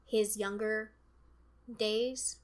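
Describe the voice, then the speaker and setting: A woman's voice: mid-range voice, fairly even intonation, extremely slow. A woman in her twenties from Maryland, co-hosting a casual chat and leaning hard on syllables for emphasis. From Maryland, USA. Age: 20s. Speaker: co-host.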